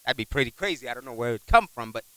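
Lively, bright-voiced male preacher. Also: mid-range voice, racing, no room sound, rough recording. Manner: animated, acts out voices in his stories; conversational, repeats words, asks amen. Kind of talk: sermon with personal story.

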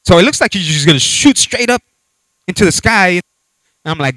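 A man preaching a sermon with animated storytelling, acting out voices and scenes as he talks. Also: sits high, fairly quick, dry recording.

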